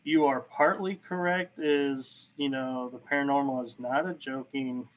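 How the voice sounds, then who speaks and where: Animated man on a dull call line. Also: mid-range voice, a little slow. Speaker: podcast guest, paranormal investigator. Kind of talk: casual storytelling chat. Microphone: video call.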